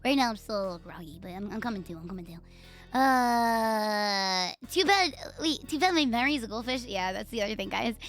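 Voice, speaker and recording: A woman's voice: mid-range voice, animated, brisk, a bit bright, soft background music. A woman with a Puerto Rican accent chatting casually on a live stream, playful, profane and teasing herself and her viewers.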